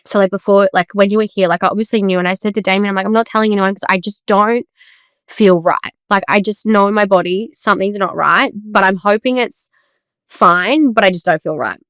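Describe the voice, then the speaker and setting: A woman's voice: medium pitch, a little fast, fairly bright tone, clear, resonant tone, dry recording. A woman co-hosting a casual podcast chat, telling a personal story with lots of quoted back-and-forth. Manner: chatty, storytelling with quoted dialogue. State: tearful at times. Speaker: podcast co-host.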